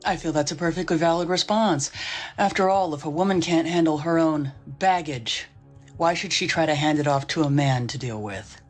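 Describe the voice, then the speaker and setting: This is a woman with a low voice reading scripted commentary. Her delivery is dry and sarcastic. Faint music plays under her. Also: moderate pace. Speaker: commentary narrator.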